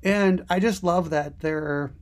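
A woman's voice: fairly low pitch, slow pace, darkish tone. A woman co-hosting a podcast in casual chat, talking with lots of ums, restarts and frequent laughter. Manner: chatty, laughs often, many ums and restarts. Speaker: podcast co-host.

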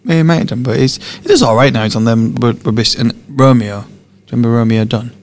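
A man's voice: medium pitch, expressive, quick pace, a little hiss or hum. A man, bantering bluntly and swearing freely in a casual chat as a podcast co-host.

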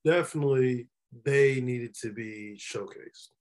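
A man's voice: mid-range voice, a little slow. A man co-hosting a casual wrestling podcast, blunt and opinionated as he talks. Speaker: podcast co-host.

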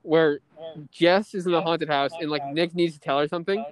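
A man's voice: on the high side, brisk, crowd noise, low-quality recording. A man chatting casually outdoors, rambling through stories with a friend.

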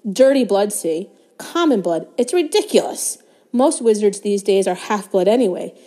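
A woman voicing a sickly young schoolboy wizard, hoarse and indignant, in a storybook reading. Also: mid-range voice, animated, moderate pace, warm tone, lightly acted.

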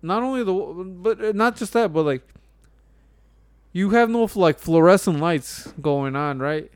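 Young man, smooth, dry close sound. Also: high-pitched, expressive, measured pace, no echo. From Chicago. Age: young adult. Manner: rambling, profane storytelling with many restarts. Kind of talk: casual chat.

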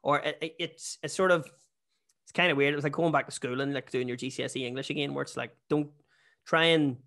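A stand-up comedian from Newry, Northern Ireland, chats casually as a podcast guest, self-deprecating and constantly restarting his sentences. He talks fast in a slightly high, fairly bright voice with a steady tone.

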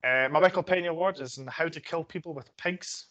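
Man co-hosting a film podcast, a touch high, rattles off picks with ums. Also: fairly quick, bright, forceful tone, lo-fi sound. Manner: reads out his picks in short lists, with filler ums. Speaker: podcast co-host. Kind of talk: casual film-review chat.

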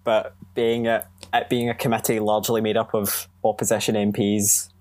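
A man's voice: fairly low pitch, flat delivery, moderate pace, darkish tone, no echo. A man co-hosting a casual podcast, dropping dry, joking asides. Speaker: podcast co-host. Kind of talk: casual chat.

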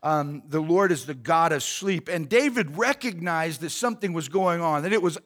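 A man's voice: sits high, a bit bright. A man preacher retelling a Bible story in a casual, slangy, conversational way with asides.

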